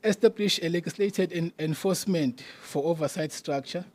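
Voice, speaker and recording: A man's voice: a little high, moderate pace, darkish tone. A South African man from KwaZulu-Natal, a provincial secretary giving a conference address, chanting slogans and mixing Zulu words into his English.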